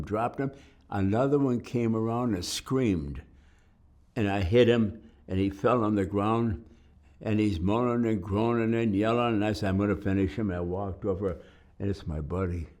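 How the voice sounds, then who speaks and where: An older man with a lowish voice recounts his wartime memories in an interview. He tells the stories vividly, jumping into the voices of the people in them and into the sounds of gunfire. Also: darkish tone. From Detroit, United States. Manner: vivid storytelling, acting out voices and gunshots. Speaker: war veteran interviewee. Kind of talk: oral history interview.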